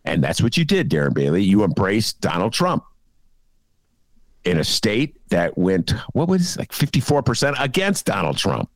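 Man, podcast co-host, sarcastic, scolding, very lively pitch, dry close sound. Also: moderate pace, no room sound. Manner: sarcastic, scolding, swinging between loud jabs and low asides. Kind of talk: political commentary chat.

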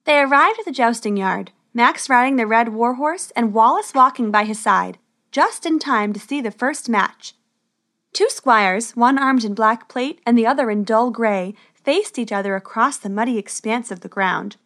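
A woman narrating a children's storybook in a lively, expressive reading. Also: a little high, moderate pace.

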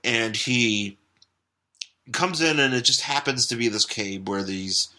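A man's voice: mid-range voice, a little slow. A man co-hosting a casual comic-book podcast, rambling through the plot with jokes and restarts. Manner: rambling, restarts, lively jokey retelling. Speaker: podcast co-host.

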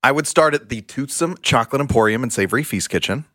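A man's voice: mid-range voice, expressive, fast, a bit bright, no room sound. Man, easygoing co-host, laughs a lot, dry sound. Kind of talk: casual chat.

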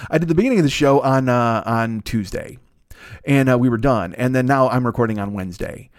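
A man's voice: mid-range voice, fairly quick, dry recording. A man in his forties hosting a solo podcast, talking in a meandering, profane, self-mocking way from his home desk. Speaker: podcast host. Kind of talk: rambling solo podcast monologue.

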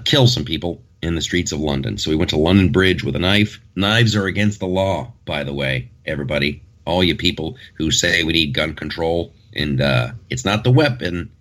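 A man's voice: deep voice, a bit bright. A man hosting a podcast in casual chat, rambling and joking as he talks through the news. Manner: rambling, joking, many restarts. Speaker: podcast host.

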